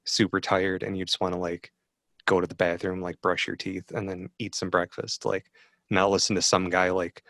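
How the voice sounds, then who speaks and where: A man's voice: low-pitched, monotone, normal speed, fairly bright tone, no echo, clean studio sound. A man, a podcast guest, telling a rambling story full of fillers in casual chat.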